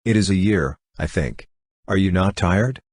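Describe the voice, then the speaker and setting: A man reading a calm, gently sarcastic young woman in an audiobook, with little change from his own voice. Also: sits low, a little slow, dry recording, clean studio sound. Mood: teasing. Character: young woman, cool and teasing.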